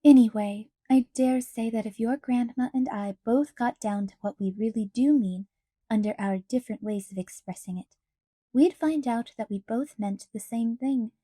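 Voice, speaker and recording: A woman's voice: fairly high pitch, normal speed, no room sound, clean studio sound, natural voice. A woman doing an earnest, dreamy young woman. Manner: earnest, gently solemn.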